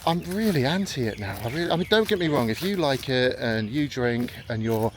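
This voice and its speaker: A man's voice: medium pitch, animated, a little fast. Rambling man on a park walk. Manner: chatty storytelling, acts out quoted voices. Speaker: vlogger. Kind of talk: rambling walk-and-talk vlog. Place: outdoors in a park. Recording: faint outdoor background noise.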